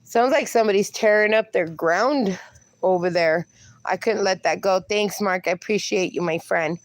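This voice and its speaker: A woman hosts a laid-back outdoor livestream with her dogs, chatting, reading viewer comments aloud and lapsing into baby talk for the pups. Her voice is mid-range at a moderate pace, with no echo.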